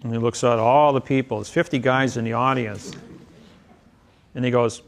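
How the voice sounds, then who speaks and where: A man with a gravelly, creaky voice at a middling pitch, speaking as a seminar speaker. He tells a rambling anecdote and rattles off legal codes in a lecture-style storytelling delivery. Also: brisk.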